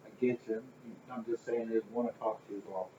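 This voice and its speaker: A man's voice: lowish voice, little pitch movement, quick pace, mellow. A man co-hosting a casual podcast, teasing and needling his friend bluntly. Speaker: podcast co-host. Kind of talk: casual chat. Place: home garage. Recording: distant in an echoey garage, lo-fi.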